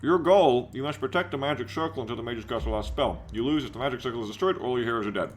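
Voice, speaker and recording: A man's voice: mid-range voice, rapid-fire, slight background noise. A man streaming a game, talking loosely and chattily, swearing and reading out chat messages. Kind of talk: casual livestream commentary.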